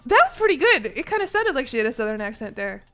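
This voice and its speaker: A young woman with a slightly high voice talks casually to her stream chat from her apartment. She is chatty and laughs often, and she drops casual swears as she goes. Faint music plays behind her. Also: very animated, fast, a bit bright. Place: home apartment.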